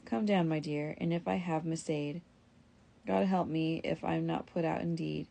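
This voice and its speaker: A woman's voice: low voice, fairly even intonation, normal speed, gravelly, mellow. A woman reading the part of an old, jealous husband who cries out in outrage in a storybook reading. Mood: placating. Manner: outraged, then placating. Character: old jealous husband, newly sighted, bellowing.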